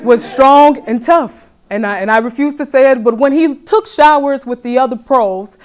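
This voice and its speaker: Comedy impression: woman playing rambling older male politician, boastful drawl, slightly high. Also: normal speed, close to an everyday voice. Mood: bragging.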